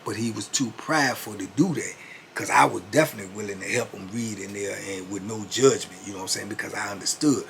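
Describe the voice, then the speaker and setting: Man in his fifties, gravelly voice, mid pitch, laid-back conversational storytelling. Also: a little hiss or hum. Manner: laid-back, conversational, full of "you know what I'm saying". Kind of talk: casual storytelling.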